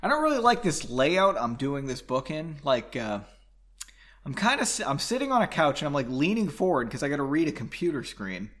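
A man's voice: on the high side, big pitch swings, a little fast, fairly bright tone. A man casually reading a fantasy novel aloud at home on a couch, with jokey asides between passages. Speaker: audiobook reader.

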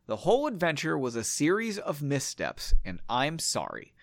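A man voicing a young woman adventurer who tries to calm her partner in a story reading. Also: a little high, moderate pace, creaky, no echo, full character voice. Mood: apologetic. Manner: pleading, conciliatory.

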